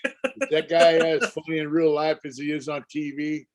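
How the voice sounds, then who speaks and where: A man's voice: on the high side, flat delivery, moderate pace, a little hiss or hum. A man interviewing a guest in casual chat, laid-back, mostly giving short replies.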